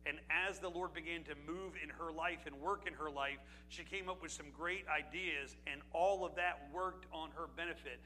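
Pastor, male, from Pennsylvania: high voice, sharp tone, chatty sermon full of questions, faint hiss behind. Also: fairly even intonation, moderate pace, few pauses, rough recording. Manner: conversational preaching with rhetorical questions and asides.

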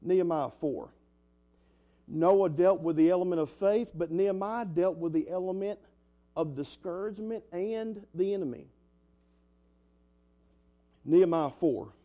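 A man's voice: high voice, unhurried, long pauses, mellow, highs cut off. A young man preaching an earnest, emphatic sermon as a pastor, in a folksy way. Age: young adult.

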